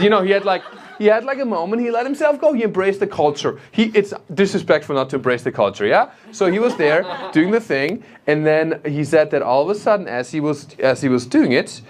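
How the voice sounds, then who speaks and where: A man with a German accent doing stand-up crowd work, brash and teasing, often laughing at his own jokes. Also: a little high. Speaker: stand-up comedian. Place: comedy club stage with audience.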